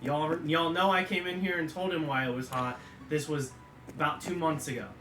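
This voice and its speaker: A man's voice: a little high, steady tone, moderate pace. A man dropping in on a stream, bantering with dry, teasing remarks. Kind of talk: casual banter. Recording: roomy, with music behind.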